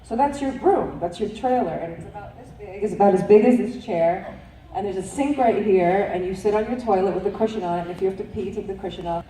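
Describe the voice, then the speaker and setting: A woman's voice: medium pitch, quick pace, warm tone. Chatty New York woman at a panel. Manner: chatty, swears, laughs often, rambling restarts. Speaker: interview guest, actress. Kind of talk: casual panel interview. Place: convention panel room. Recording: roomy, distant mic, faint hiss.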